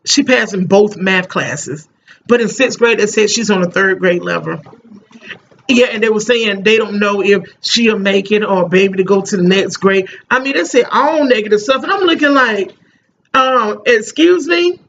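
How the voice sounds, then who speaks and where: Rambly mom chatting to her phone, raspy edge, faint room hum behind her. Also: mid-range voice, moderate pace, muffled recording. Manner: emphatic, rambling, repeats "you know what I'm saying". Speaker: parent vlogger. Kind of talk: casual chat to camera.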